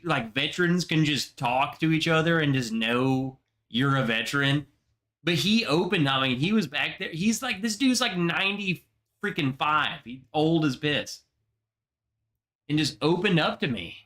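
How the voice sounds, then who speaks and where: A man hosting a casual livestream chat, telling a story in a slow, emotional, slangy way, close to tears. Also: a little high, sharp tone. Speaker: livestream host.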